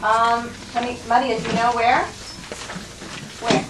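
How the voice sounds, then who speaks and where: A first grade teacher speaks in a fairly high, level voice at a measured pace. She models reading one word at a time with patient coaxing, and the audio is picked up from a distance in a roomy, noisy classroom.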